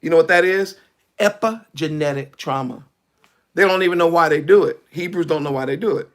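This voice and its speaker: A man preaching a conversational sermon, drops his voice low for emphasis. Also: brisk.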